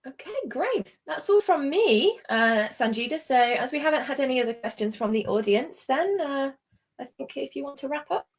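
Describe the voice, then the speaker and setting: A woman's voice: sits high, expressive, moderate pace. Patient British woman teaching writing. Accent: British English. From Britain. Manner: patient, explains with examples, many ums and you knows. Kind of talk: live online tutoring session.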